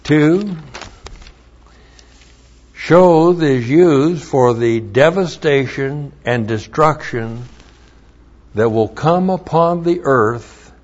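A man teaching the Bible verse by verse, spelling out words letter by letter and repeating his points for emphasis. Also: medium pitch. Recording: dull lo-fi recording.

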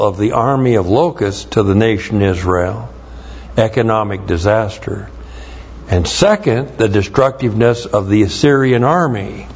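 A man's voice: on the low side, a little mellow, slightly rough. A man teaching a Bible lesson, explaining Hebrew words and spelling them out letter by letter. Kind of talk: verse-by-verse Hebrew word study. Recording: dull lo-fi recording.

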